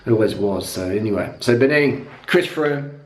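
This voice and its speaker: A man's voice: lowish voice, normal speed. Profane man ranting in an echoey room. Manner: profane, blunt, excitable. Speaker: cycling vlogger. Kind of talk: casual ranting vlog.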